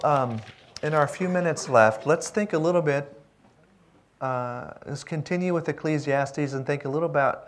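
A man teaching a seminary class on pastoral care, reflective and unhurried, with many pauses. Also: medium pitch. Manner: slow, reflective, with pauses and fillers. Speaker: seminary lecturer. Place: lecture room.

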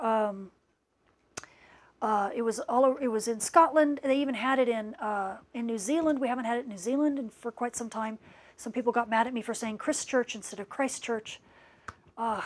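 A middle-aged woman hosting a live-stream Q&A, gushing with enthusiasm and thanks to viewers, her voice worn out after hours of talking. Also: a little high. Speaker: space weather scientist hosting a live Q&A. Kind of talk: live-stream chat reading viewer comments.

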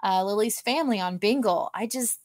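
A woman's voice: mid-range voice, brisk. A woman from Oklahoma co-hosting a casual fan podcast, talking in a bubbly, enthusiastic way. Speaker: podcast co-host. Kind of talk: casual chat.

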